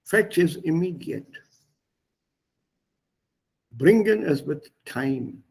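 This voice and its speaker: A man's voice: fairly high pitch, animated, very slow, vocal fry, darkish tone, husky, low-quality recording. A man teaching German in an online class, explaining patiently and repeating words and stresses for his learners. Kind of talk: online language lesson.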